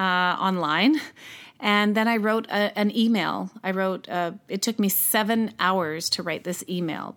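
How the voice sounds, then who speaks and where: A woman's voice: medium pitch, fairly bright tone. Earnest woman telling a personal story. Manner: earnest, halting, with many restarts. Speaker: interview guest, mother.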